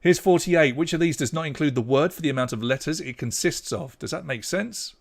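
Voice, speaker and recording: A man's voice: on the high side, a little fast, gravelly. A young British man hosting an online pub quiz, chatty and loose, reading out scores and names and trailing off when a name escapes him. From Britain. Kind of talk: live-streamed quiz hosting.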